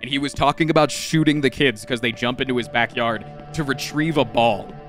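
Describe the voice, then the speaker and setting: A young man streaming a game live, talking to his chat in an excitable, profane, rambling way. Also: medium pitch, a little fast, soft background music. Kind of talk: casual live-stream commentary.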